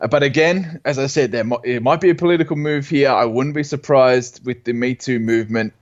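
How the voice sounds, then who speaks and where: A man's voice: mid-range voice, fairly quick, muffled recording. A man co-hosting a movie podcast in casual chat, earnestly giving long opinions with many fillers. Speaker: podcast co-host.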